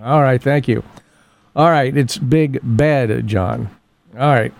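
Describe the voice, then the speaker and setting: A man's voice: medium pitch, slow pace, creaky. A man hosting a local radio morning show, reading the weather and ads and chatting with callers in a folksy, rambling way. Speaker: radio host.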